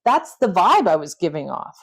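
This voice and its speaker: A woman's voice: lowish voice, very animated, moderate pace, fairly bright tone, slightly rough. A woman hosting a podcast, talking earnestly in a reflective, storytelling way. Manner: earnest, storytelling with self-coaching tone. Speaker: podcast host. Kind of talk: reflective solo podcast talk.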